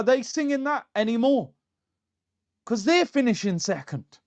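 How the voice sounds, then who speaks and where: A man hosting a fan live stream, reading viewer messages in an excitable, slangy way. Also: extremely high pitch. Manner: excitable and slangy, fast shifts between calm and fired-up. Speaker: fan channel host.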